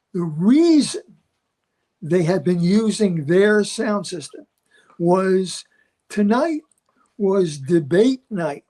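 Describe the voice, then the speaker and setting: An older man, a veteran stand-up comedian, telling animated stories and acting out the people in them. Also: sits high. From Philadelphia area. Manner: acts out other people in his stories. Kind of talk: animated storytelling.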